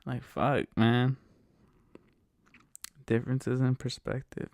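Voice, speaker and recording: Brief: male podcast host, casual swearing monologue, mid-pitched and raspy at the edges. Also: slow pace, no room sound, studio quality. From United States. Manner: swears constantly, repeats himself, animated venting. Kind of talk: casual profane monologue rant.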